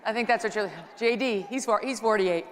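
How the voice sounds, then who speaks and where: A woman's voice: mid-range voice, brisk, slight background noise. A middle-aged woman giving a joking, chatty speech from a conference stage, telling stories to the crowd. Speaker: conference speaker, talk show host. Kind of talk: lively stand-up style speech. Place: large conference hall. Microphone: handheld mic on stage. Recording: long hall reverb.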